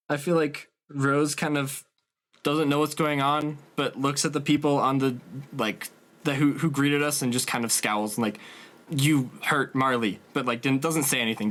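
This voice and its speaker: A man's voice: mid-range voice, fairly bright tone. A man playing a tabletop game, casually describing his character's reactions and swearing a bit. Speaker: player.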